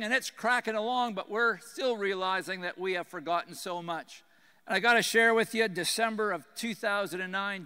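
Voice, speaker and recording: A middle-aged man with a slight Texan twang, a former military commander giving an earnest, emphatic public speech that drops to quiet intensity on heavy points. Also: high-pitched, clean tone. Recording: long hall reverb.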